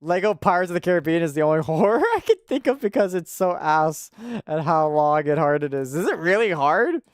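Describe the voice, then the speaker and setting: On a desk mic with clean, dry studio sound, a young gaming channel host narrates a let's-play casually and laid-back. His voice sits on the high side, brisk and clear with a resonant tone and lively intonation, and he laughs a lot and trips over words.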